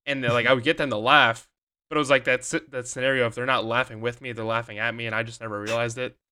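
A man's voice: medium pitch, flat delivery, fast, bright, forceful tone, smooth. A young man co-hosting a podcast, telling rambling stories in casual chat with lots of fillers and restarts. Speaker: podcast co-host.

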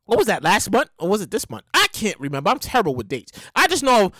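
Talking at a quick pace in a medium-pitched voice, this solo host delivers slangy, profane celebrity news commentary. The delivery is animated, rambling, and conversational, with lines repeated for effect, and the studio sound is clean with no echo.

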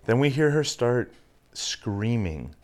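A man's voice: medium pitch, big pitch swings, takes it slowly, a little mellow. A Canadian man hosting a casual podcast, retelling a story with lots of swearing and quoted voices. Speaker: podcast host.

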